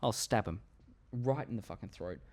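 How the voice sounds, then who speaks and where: Young male commentator, lowish voice, rambling and profane. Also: animated, normal speed, darkish tone. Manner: rambling, restarts, frequent swearing. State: tired, yawning. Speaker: YouTube commentator. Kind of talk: casual unscripted talk to camera.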